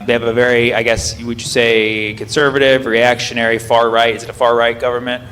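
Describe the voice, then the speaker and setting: A man in his thirties, a stand-up comedian doing loose crowd work, riffing and firing quick questions at the audience from the stage. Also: medium pitch, level tone, a bit bright, soft background music. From United States.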